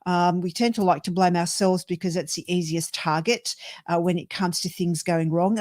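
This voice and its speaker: A woman's voice: on the low side, fairly even intonation, a little fast, a little mellow, dry recording, clean studio sound. An Australian woman giving a live tarot reading, chatty and rambling with lots of ums, calling viewers darling and sweetheart. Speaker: tarot reader, co-host.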